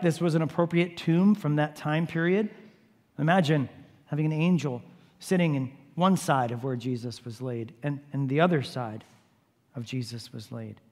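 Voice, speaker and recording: A man with a fairly high voice delivers a storytelling sermon, pressing his listeners again and again to picture the scene. His voice echoes with a long reverb, as in a large hall. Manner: vivid storytelling, urging listeners to imagine. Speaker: preacher.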